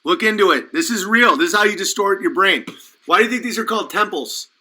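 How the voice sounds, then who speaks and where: A man's voice: high voice, lively intonation, fast, sharp tone, low-quality recording. A man hosting a podcast, delivering a fired-up, preachy and emphatic monologue. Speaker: podcast host. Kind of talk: impassioned conspiracy monologue.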